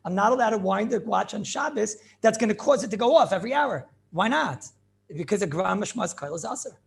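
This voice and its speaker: Animated rabbi, high gravelly voice. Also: male voice, fairly quick. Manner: animated questioning, answers his own questions, repeats phrases. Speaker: rabbi teaching a class. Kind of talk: Talmudic class lecture with back-and-forth questions.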